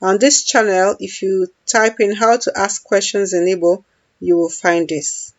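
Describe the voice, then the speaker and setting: A woman's voice: medium pitch, steady tone, unhurried, no room sound, muffled recording. A woman teaching a language lesson, patiently repeating each phrase for practice.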